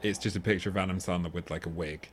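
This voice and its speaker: Fast and low-voiced, with fairly even intonation, a man co-hosts a film podcast in a casual, rambling chat. He restarts often, laughs a lot while speaking, and asks "do you know what I mean." A little hiss or hum is present.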